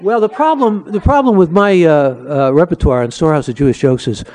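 A man with a fairly high, darkish voice speaks fairly quickly while giving a lecture about his book. He tells jokes and anecdotes, acting them out with voices.

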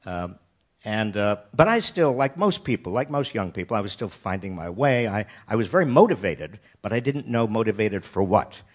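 An older man from the United States shares a memory from his student days. His voice sits somewhat low and he speaks in a halting way, circling back over his own phrases. His humor is wry and turned on himself. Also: expressive. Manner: wry, self-deprecating, halting with restarts. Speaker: storyteller. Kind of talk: personal anecdote talk.

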